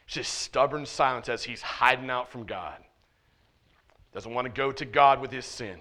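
A man preaching a sermon in a conversational way, swinging between loud emphasis and quiet, hushed asides. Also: mid-range voice, lively intonation, normal speed. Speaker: pastor. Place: church sanctuary.

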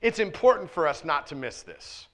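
A man preaching in church with a bright, forceful tone, pitched a little above the usual for men. He talks to the congregation casually, pushing hard on key points and then dropping low and close. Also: big pitch swings, normal speed. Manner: conversational preaching, swings from loud emphasis to hushed asides. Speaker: pastor. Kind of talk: sermon. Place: church sanctuary.

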